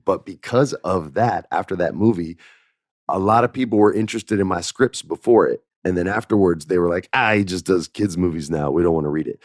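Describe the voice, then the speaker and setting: A middle-aged man with a low, deep voice tells a casual story on his podcast. He acts out the dialogue with bursts of laughter. The recording is dry and close, with no room sound. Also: no echo. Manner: animated anecdote-telling with laughs and quoted dialogue. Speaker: podcast host.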